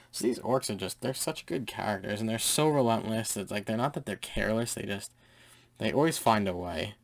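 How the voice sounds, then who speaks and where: Young male comic reviewer, low and gravelly, loose rambling delivery full of fillers, enthusiastic. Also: fairly even intonation, normal speed.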